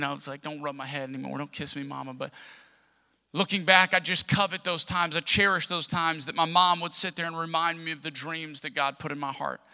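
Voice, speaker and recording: A man's voice: a little high, sharp tone, smooth. A man, preaching a sermon in an impassioned, repetitive cadence. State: tearful at times. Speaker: pastor. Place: church sanctuary. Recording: long church hall reverb.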